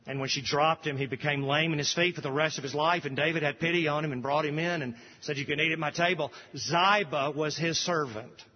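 A man's voice: fairly high pitch, steady tone, brisk, hardly any pauses, slightly rough. Man preaching a sermon, emphatic repeated refrains, long hall reverb, dull distant sound. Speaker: pastor.

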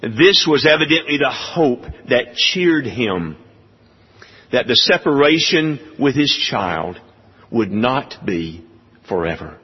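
A man preaching a sermon, speaking in a measured way with many pauses. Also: medium pitch, sing-song, breathy edge, in a large hall, highs cut off. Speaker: pastor.

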